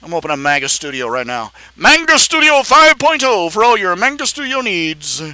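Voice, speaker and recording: A man's voice: high-pitched, big pitch swings, fairly quick, pushed and bright, clean tone, no room sound. A man chatting on a live stream as a comic artist, rambling and joking in a made-up accent. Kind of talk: casual live-stream chat.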